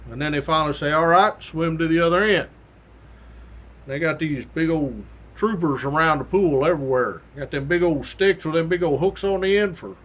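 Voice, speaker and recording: Man, slightly high voice, folksy storyteller, colloquial, acts out quotes, casual. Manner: folksy and colloquial, with mild swearing. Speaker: host recounting his academy days.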